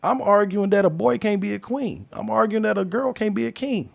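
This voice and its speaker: A podcast host rants alone on his own show, swearing heavily and swinging from heated outbursts to laughter. His voice is high-pitched, gravelly, and fairly quick, recorded with no echo.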